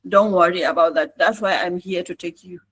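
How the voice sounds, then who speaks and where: Nigerian english trainer walking through software, repeats stuff a lot, keeps asking if you get it. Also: mid-range voice, fairly quick, low-quality recording. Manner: repetitive, coaxing instruction with frequent checks on listeners. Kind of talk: online tutorial walkthrough.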